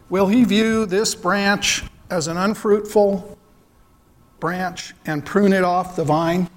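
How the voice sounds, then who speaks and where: Earnest high-voiced man preaching. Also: big-room sound. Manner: earnest, rhetorical questions. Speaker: church speaker. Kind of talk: sermon.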